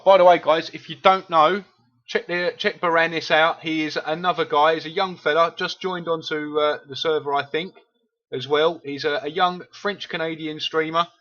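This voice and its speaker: Chatty Cockney man with a bright tone. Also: fairly high pitch, lo-fi sound. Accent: Cockney, East London. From England. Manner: chatty, swears freely, friendly banter. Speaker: game streamer. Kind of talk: casual live-stream chat with viewers.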